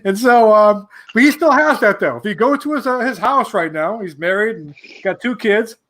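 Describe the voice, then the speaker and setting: A man in his forties from New York, a podcast guest telling a rambling, animated anecdote full of restarts. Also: sits high, normal speed. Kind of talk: casual storytelling.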